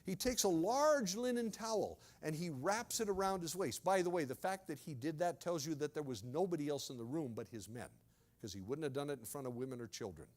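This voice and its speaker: A male pastor delivers a sermon as a dramatic story and speaks directly to his congregation now and then. His voice sits high, and his pitch swings with lively emphasis. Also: brisk.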